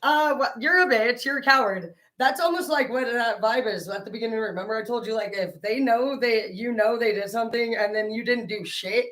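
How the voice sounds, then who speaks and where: A woman doing a casual tarot reading vlog, rambling into profane, excitable stories about pranks with her brother. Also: on the high side, a little fast, few pauses, reverberant, recorded from a distance, poor audio. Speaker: tarot reader.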